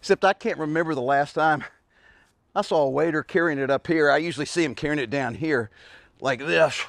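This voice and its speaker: A man's voice: on the high side, fairly quick, gravelly, dry recording, clean studio sound. A man in his forties, a fitness coach, talking casually while demonstrating heavy carrying exercises outdoors, out of breath, grunting and sighing with effort between sentences. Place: outdoors in a backyard.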